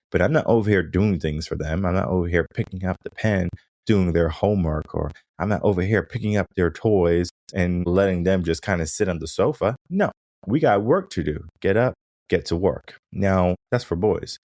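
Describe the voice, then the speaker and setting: Man, very deep voice, emphatic coaching monologue, podcast host, dry close sound. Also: moderate pace, darkish tone, dry recording. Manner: emphatic, punctuates with "right?", mimics objections.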